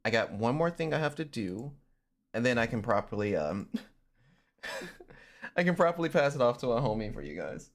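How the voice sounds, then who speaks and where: A man chats loosely to his stream, his pitch bouncing up and down as he goes. He swears freely and keeps breaking into laughter. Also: normal speed, pauses often. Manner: animated and swearing, laughs often. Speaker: livestreamer. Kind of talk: casual stream chat.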